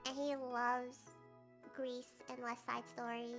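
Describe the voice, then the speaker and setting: A young woman hosting a stream, chatting casually and telling animated stories that imitate others. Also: a little high, slow. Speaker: streamer host. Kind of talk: casual chat. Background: faint music.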